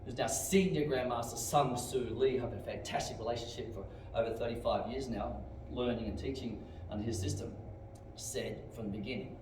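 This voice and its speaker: Echoey Australian martial arts instructor barking commands. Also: male voice, medium pitch, a little fast. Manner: energetic, barks sharp commands and kiai shouts between explanations. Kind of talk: teaching a martial arts class. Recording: very echoey hall, distant mic, faint room noise.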